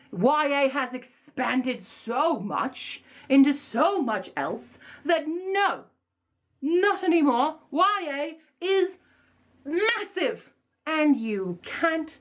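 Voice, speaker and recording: A young woman chatting casually to camera as a book vlogger, animated, rambling and self-mocking. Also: sits high.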